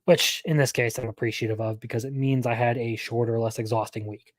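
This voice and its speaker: A man's voice: mid-range voice, steady tone, a little fast, no echo. A young man hosting a live anime news stream, talking casually and rambling, often correcting himself mid-sentence.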